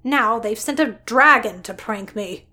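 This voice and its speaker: A woman's voice: on the high side, measured pace, pushed and bright. A woman playing an irritable, prim scientist who speaks in a clipped, indignant way.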